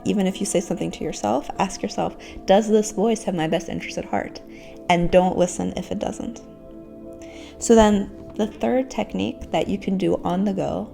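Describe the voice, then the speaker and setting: A woman teaching self-compassion techniques, slowly counting a guided breathing exercise in a calm, encouraging way. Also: lowish voice, vocal fry. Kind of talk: guided self-help lesson.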